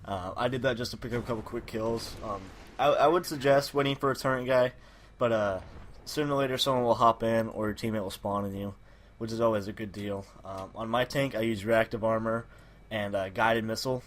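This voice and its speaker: Low-voiced man with a cold, rambling. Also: fairly even intonation, brisk. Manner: rambling, many fillers and self-corrections. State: has a cold, slightly raspy. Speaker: gameplay commentator. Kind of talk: casual gameplay commentary. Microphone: personal microphone.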